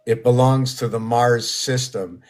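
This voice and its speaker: A man's voice: medium pitch, steady tone, unhurried, darkish tone. A man hosting a solo livestream, musing in a rambling, meandering way about numbers and hidden meanings. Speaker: livestream host.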